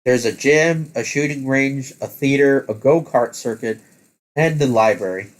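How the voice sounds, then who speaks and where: Man haltingly reading a text adventure. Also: medium pitch. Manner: halting reading with self-corrections.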